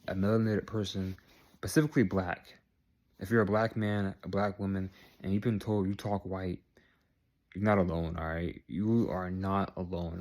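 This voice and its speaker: Earnest young man, slightly low voice. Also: darkish tone. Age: young adult. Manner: earnest, repeats points, tags lines with "all right?". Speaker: vlogger. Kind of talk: direct-to-camera monologue.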